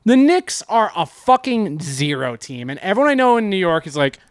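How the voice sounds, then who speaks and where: A man co-hosting a casual comedy podcast, ranting and swearing, swinging from low mumbles to loud outbursts. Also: big pitch swings, moderate pace, clear, resonant tone, dry recording. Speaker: podcast co-host.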